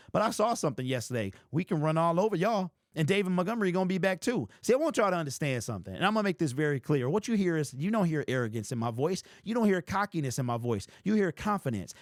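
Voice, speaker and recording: A man's voice: a little high, dry recording, clean studio sound. A young man, hosting a fan channel, hyped and trash-talking as he comments on his team to camera. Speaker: sports fan channel host.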